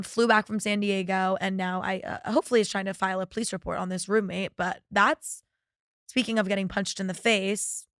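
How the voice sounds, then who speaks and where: A young woman in her twenties talks straight into the mic in a loose, chatty podcast style, with a gravelly fry running through her voice. She swears freely and reads out listener stories. The sound is dry and close, with no room around it. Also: mid-range voice, a bit bright, no echo. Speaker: podcast host. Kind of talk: casual solo podcast chat.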